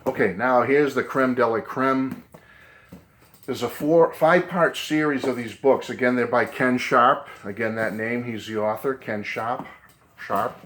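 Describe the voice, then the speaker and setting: A man's voice: medium pitch, normal speed, a bit bright, slight background noise. A man with a Boston accent hosting a casual video lesson, chatty and fond of repeating himself. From New England. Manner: chatty, repeats "okay" and "great book". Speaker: video host.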